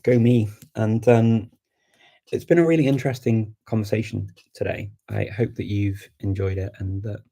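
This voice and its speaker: A man's voice: lowish voice, fairly even intonation, moderate pace, creaky, mellow. A man with a Scouse accent from Liverpool, rambling casually through a live-stream Q&A and reading viewer questions aloud. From Liverpool, England. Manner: chatty and rambling, with many fillers and restarts. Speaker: language-learning streamer answering viewer comments.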